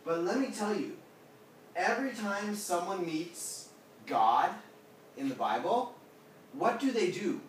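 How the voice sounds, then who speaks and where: A man with a slightly high voice gives a casual Bible talk to a small group, throwing questions to the room. He acts out quotes with lively bursts of voice. He is recorded from across a very echoey room with a faint hiss behind him. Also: slow, pauses often. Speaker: pastor. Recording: echoey room, mic at a distance.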